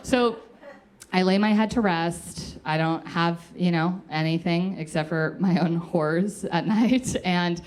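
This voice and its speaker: A young woman tells a comic story from a stage, her voice sitting a little low but swinging widely as she acts out friends, nurses and her own panic. She mocks herself, laughs through lines and talks straight to the crowd. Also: unhurried. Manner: animated, self-mocking, acts out quoted voices with laughs. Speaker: comedian telling a story on stage. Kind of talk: stand-up storytelling to a live audience.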